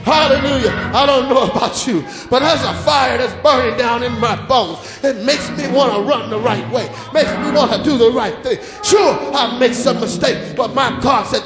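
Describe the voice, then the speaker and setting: A man a sermon with chanting, rhythmic repetition that rises into shouts, drawing call-and-response from the congregation in a church. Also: very high-pitched, normal speed, hardly any pauses. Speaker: preacher. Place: church sanctuary. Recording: echoey hall with music.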